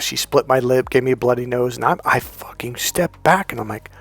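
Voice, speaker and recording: Man, dating coach, profane and emphatic storytelling, mid pitch, soft music behind. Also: brisk, hardly any pauses, husky. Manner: profane, emphatic, repeats "here's the deal". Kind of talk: storytelling advice monologue.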